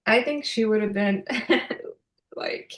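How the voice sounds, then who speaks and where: A woman's voice: medium pitch, slow pace, reverberant. A woman in her thirties speaking as a podcast guest, heartfelt and emotional, with many fillers and restarts. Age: 30s. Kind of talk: casual heartfelt interview talk.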